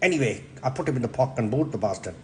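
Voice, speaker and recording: A man with a Yorkshire accent hosting a comic cooking demonstration, brash and deadpan, swearing constantly as he talks through the steps. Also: medium pitch, fast talker, slight background noise. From Yorkshire, England. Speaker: cooking show host.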